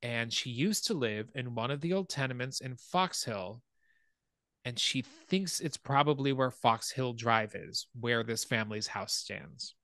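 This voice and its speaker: A man hosting a podcast, casually retelling a film scene by scene and getting animated at the scary parts. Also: unhurried, no room sound, clean studio sound. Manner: animated storytelling, rises in pitch when excited. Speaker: podcast host.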